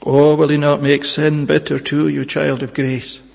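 Earnest preacher with gravelly, echoing voice. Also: male voice, a little high, level tone, a little mellow. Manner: earnest, measured pleading with frequent "eh" pauses. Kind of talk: sermon.

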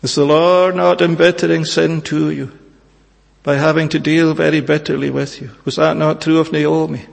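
A man preaching a sermon in a church, earnest and measured, pleading with his hearers and pausing often on "eh". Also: on the high side, flat delivery, creaky, big-room sound.

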